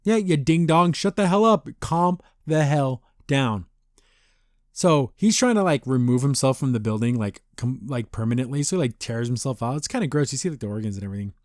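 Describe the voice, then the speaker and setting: A man's voice: medium pitch, lively intonation, a little fast, darkish tone, no room sound, studio quality. A man hosting a podcast and reviewing a cartoon episode in a casual, rambling way, often acting out characters' lines in exaggerated voices. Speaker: podcast host.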